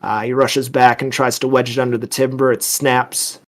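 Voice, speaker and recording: A man's voice: mid-range voice, little pitch movement, normal speed. A man narrating a tabletop horror game as game master, describing scenes cinematically.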